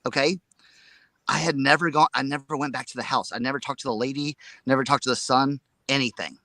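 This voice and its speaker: A man co-hosting a casual live chat, telling a story in an excitable, rambling way and repeating his words. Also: medium pitch, fairly quick, no echo. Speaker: reseller show co-host.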